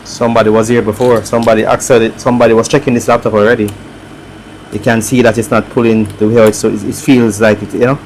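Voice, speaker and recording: A man with a Jamaican accent chatting casually on a live stream as he works on a repair, reading viewer comments aloud and thinking out loud. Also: on the low side, level tone, quick pace, a little hiss or hum, low-quality recording. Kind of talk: casual live-stream chat while working.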